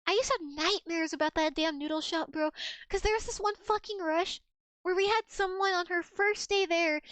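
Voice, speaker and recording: A woman's voice: very high-pitched, normal speed, a bit bright, dry recording. A young adult woman streamer telling work stories in a casual, profane way, often laughing as she goes. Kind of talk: casual storytelling on a game stream.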